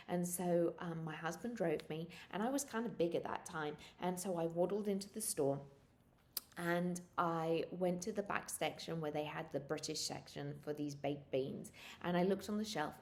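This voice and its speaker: A woman in her thirties tells stories from her own life in a casual, animated way. Her voice sits a little low and has a gravelly, fry-laced edge. She laughs often and leaps into high squeals when she acts out what people said. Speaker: vlogger sharing pregnancy experiences. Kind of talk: casual storytelling.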